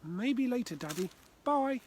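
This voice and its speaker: A man's voice: high-pitched, lively intonation, moderate pace, slight background noise, voice pushed up. Man doing Jimmy, a pestering little boy. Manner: insistent, repeating himself. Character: small excitable boy, whiny and clingy.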